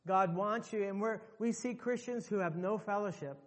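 A man's voice: high voice, normal speed, in a large hall. A male pastor preaching a sermon emphatically to his congregation, repeating phrases for effect.

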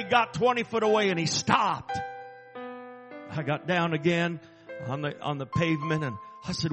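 A man who is an assistant chaplain, telling a personal story in an earnest, halting and emphatic way. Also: high-pitched, steady tone, in a large hall, over music.

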